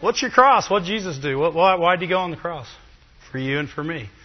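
A man preaching a sermon in a lively, chatty way, with asides to the congregation. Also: a little high, a little fast. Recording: dull, long reverb of a hall.

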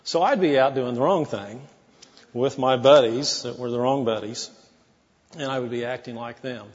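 A man's voice: medium pitch, moderate pace, long reverb tail, dull audio. A man preaching a sermon as pastor, in a folksy, conversational way with asides to the congregation.

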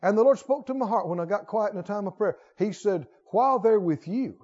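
A man preaching a sermon in a church, conversational and animated, building to emphatic exclamations. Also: high-pitched, brisk. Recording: dull audio with long hall reverb.

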